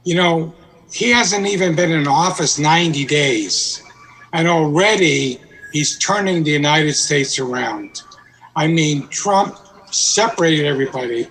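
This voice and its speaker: A man giving his political opinion in casual chat, slow and emphatic. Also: a little high, a bit bright, slight background noise, low-quality recording.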